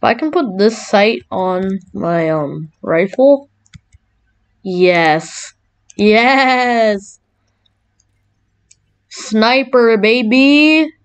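Woman gamer, live play commentary; unhurried delivery broken by sharp outbursts, higher-than-average voice. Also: smooth. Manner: excitable, blurts out short cries and angry rants.

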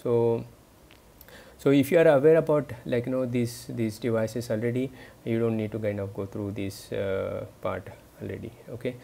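Male lecturer, recorded lesson, mellow tone, halting delivery full of fillers. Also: medium pitch, fairly even intonation, gravelly. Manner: hesitant, many fillers and restarts; explanatory, addresses students directly. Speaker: university lecturer.

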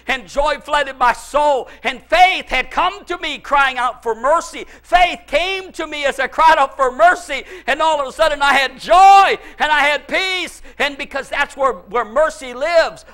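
A man preaching a fervent sermon as pastor, often shouting and crying out with strong feeling. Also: very high-pitched.

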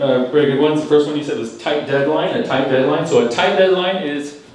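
A man with a mid-range, darkish voice works as a speaking club's language evaluator, patiently explaining word usage and leading group repetition during live feedback. The large meeting room is very echoey, and the distant room mic picks up a little hiss or hum.

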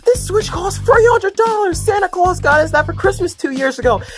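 A woman's voice: extremely high pitch, expressive, normal speed, faint music behind, pitched above the performer's own voice. A woman voicing a panicky, melodramatic young male Koopa who whines and stammers in a puppet comedy skit. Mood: distraught.

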